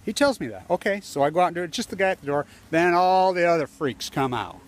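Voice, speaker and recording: Outside near a building entrance, a protester from the United States holds up his phone and rants at himself on camera. His slightly high voice is expressive and quick, the tirade angry, profane, and highly repetitive.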